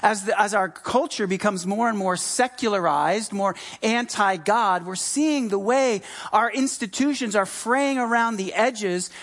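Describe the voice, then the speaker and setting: Medium in pitch and fairly bright in tone, this middle-aged pastor from the United States preaches in a conversational, emphatic manner. He repeats key phrases, with lots of fillers and restarts.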